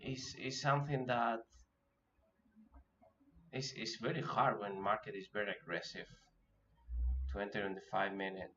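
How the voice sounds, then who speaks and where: Low-voiced man thinking aloud while trading. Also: level tone, fairly bright tone. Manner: thinking aloud, self-coaching, halting restarts. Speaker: day trader. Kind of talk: live trading commentary. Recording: dull lo-fi audio with faint noise.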